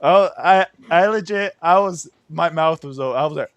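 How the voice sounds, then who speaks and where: Podcast host, male, slightly high voice, swearing and incredulous. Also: unhurried, dry recording, dull audio. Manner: profane, ranting, incredulous. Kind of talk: casual chat.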